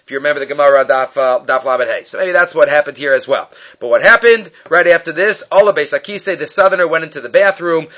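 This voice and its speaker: A man teaching a Talmud lesson, reading Aramaic lines aloud and translating them into English with animated storytelling. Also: a little high, quick pace, few pauses. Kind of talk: daily page study lesson. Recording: dull lo-fi recording.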